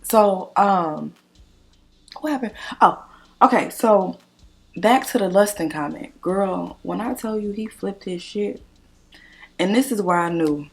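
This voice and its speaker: A woman's voice: mid-range voice, takes it slowly, gravelly, pauses often, husky. A young woman vlogger chatting casually while doing her makeup, telling a dating story bluntly and animatedly, with lots of swearing. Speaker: beauty vlogger.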